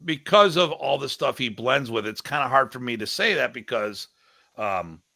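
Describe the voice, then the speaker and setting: A man's voice: mid-range voice, normal speed, creaky, no room sound. A middle-aged man, a martial arts instructor, telling stories in a casual podcast discussion and often mimicking others. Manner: animated storyteller, mimics others' voices.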